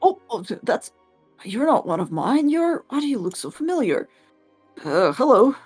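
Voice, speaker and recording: A woman's voice: fairly high pitch, very animated, moderate pace, darkish tone, slightly rough, faint music behind, voice pushed up. A woman voicing a kindly, fussy elderly man wrapped in cloths, stammering and doting in a tabletop game. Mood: puzzled.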